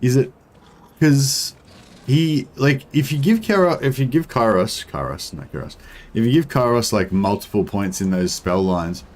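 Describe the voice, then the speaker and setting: A man's voice: medium pitch, moderate pace, a little mellow. A young Australian man streaming a strategy game, thinking aloud in a rambling, filler-heavy way while answering chat. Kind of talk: casual gameplay commentary, answering chat.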